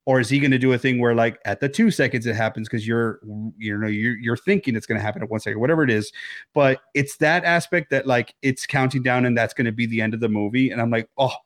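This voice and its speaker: This fast-talking, medium-pitched man co-hosts a relaxed movie podcast, recording remotely from home. He narrates with energy, acting out reactions and cursing freely throughout.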